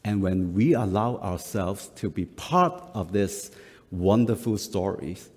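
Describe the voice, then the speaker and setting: A middle-aged man from Singapore, a pastor, delivers a sermon in an unhurried, halting way, full of pauses and restarts. His voice sits a little low. The long reverb of a big church hall trails after his words. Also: lively intonation, a little mellow. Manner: slow, halting, with frequent uh fillers and self-corrections.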